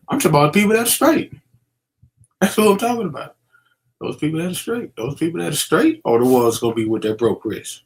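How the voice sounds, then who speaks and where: A man's voice: medium pitch, very animated, moderate pace. A middle-aged man giving casual, preachy commentary, using street slang and many fillers as he warns young people. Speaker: vlogger.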